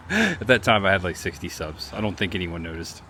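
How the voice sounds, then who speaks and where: A man narrates his travel vlog in a relaxed, chatty way, turning reflective and emotional at times. His voice sits low. Traffic and city noise hum clearly behind him outdoors. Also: moderate pace. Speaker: travel vlogger.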